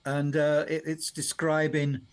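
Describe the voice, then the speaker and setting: As a guest on a radio interview, a Sheffield-born songwriter in his 70s rambles chattily through stories, laughing frequently. He speaks unhurriedly in a fairly high, monotone voice.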